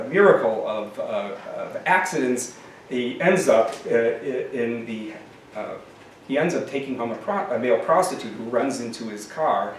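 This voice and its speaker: A man, the author, reading his book to a live audience with wry, deadpan storytelling. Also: medium pitch, slight background noise. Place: event space, live audience. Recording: echoey room from a distance.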